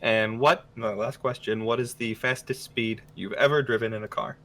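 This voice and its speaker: A young man with a mid-pitched voice answers a rapid round of questions. His replies are dry and witty. The talk is a relaxed chat between friends. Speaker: podcast co-host. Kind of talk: casual chat, quick-fire answers.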